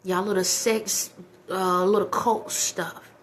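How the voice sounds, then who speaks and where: A woman's voice: medium pitch, fairly even intonation, takes it slowly, a little hiss or hum. A woman, delivering a heated casual monologue full of repeated rhetorical questions. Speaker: vlogger.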